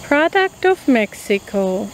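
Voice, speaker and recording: A woman, chatting casually as a food review vlogger and slowly reading a product label aloud. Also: a little high, very animated, slight background noise, rough recording. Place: outdoors in a rural yard at night.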